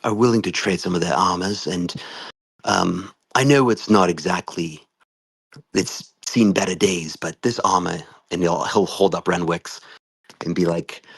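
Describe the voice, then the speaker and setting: A man's voice: low-pitched, fairly even intonation, measured pace, creaky, husky, no echo. A man playing a tabletop game, rambling and laughing as he describes his moves. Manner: rambling, laughing between thoughts. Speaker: player.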